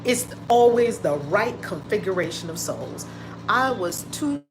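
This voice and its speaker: A woman with an animated mid-range voice hosts a casual livestream from a home room with the window open, speaking unhurriedly. She greets viewers by name with lots of exclamations, and the home livestream audio is noisy.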